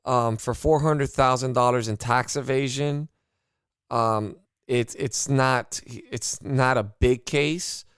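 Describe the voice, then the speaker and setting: A man's voice: mid-range voice, steady tone, slow, a bit bright, clear, resonant tone, dry recording, clean studio sound. A man from Miami hosting a casual political podcast, talking in a blunt, unfiltered and profane way. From Miami, United States. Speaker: podcast host.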